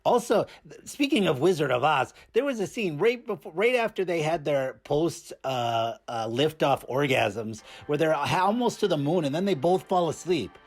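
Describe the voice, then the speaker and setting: A man's voice: fairly high pitch, lively intonation, moderate pace, soft background music. A man voicing a cheeky, randy male puppet who reviews movies, rambling and stammering through his comedic review with constant filler words. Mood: bemused.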